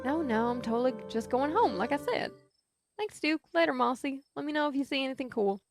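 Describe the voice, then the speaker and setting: A woman acts out an eager young woman who makes videos and talks in an upbeat, chatty way. Her voice sits high with a light fry, and music plays softly behind. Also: animated, brisk.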